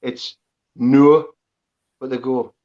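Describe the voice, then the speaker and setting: A man with a Geordie accent chatting casually as a podcast guest, animated and laughing, repeating his phrases. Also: high voice, normal speed, dull audio. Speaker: guest impressionist.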